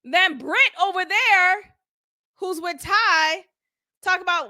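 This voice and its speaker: A young adult woman hosting a casual, animated recap of a reality show, acting out quotes and laughing often. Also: extremely high pitch, a little slow.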